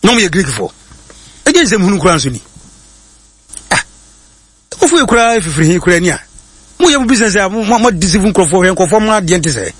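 A man with a Ghanaian accent teaching in sermon style, reading quotes slowly and then explaining them in quick bursts with many hesitations. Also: high-pitched, very animated, husky, dry recording. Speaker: preacher. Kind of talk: sermon-style teaching, mixing English and Twi.

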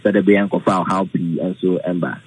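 Male forecaster on radio, lowish husky voice, hesitant, filler-heavy delivery. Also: level tone, low-quality recording. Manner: halting, many fillers, mixes English and Twi. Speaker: weather forecaster guest. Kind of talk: radio call-in explanation.

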